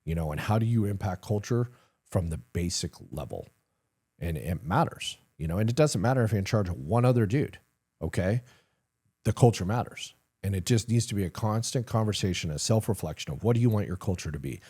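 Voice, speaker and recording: Middle-aged male guest, deep and husky, very expressive delivery, blunt and self-deprecating. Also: brisk. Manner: animated, acts out quoted dialogue, swears casually, laughs at himself. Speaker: retired command sergeant major, guest. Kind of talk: candid conversational storytelling.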